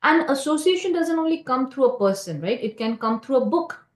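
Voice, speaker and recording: A woman giving a scripture class at a temple. She tells stories conversationally, halting with many fillers and restarts and often asking "right?" to the listeners. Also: high-pitched, lively intonation, roomy sound. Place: temple hall.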